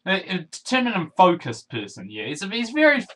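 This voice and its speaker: Young New Zealand man, fairly high voice, rambling vlog reviewer. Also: huge pitch swings, brisk, fairly bright tone, low-quality recording. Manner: rambling, with many restarts and fillers. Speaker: YouTube film reviewer. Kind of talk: casual video review.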